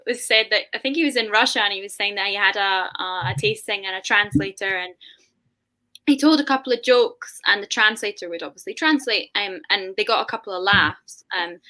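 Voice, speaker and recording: Bright-voiced chatty woman. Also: mid-range voice, fairly quick. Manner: chatty, laughing, retells friends' stories. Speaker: whiskey brand ambassador, panelist. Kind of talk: casual anecdotal chat.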